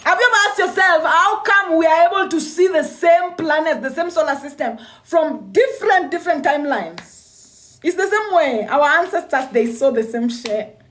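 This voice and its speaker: With a very high, expressive, fairly bright voice at normal speed, a young woman gives a motivational livestream talk. She keeps repeating lines emphatically and restarting her sentences.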